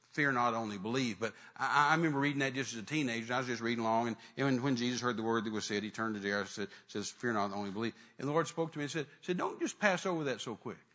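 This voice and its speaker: A man preaching a sermon, retelling a story dramatically with acted-out voices and sudden loud rises. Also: medium pitch.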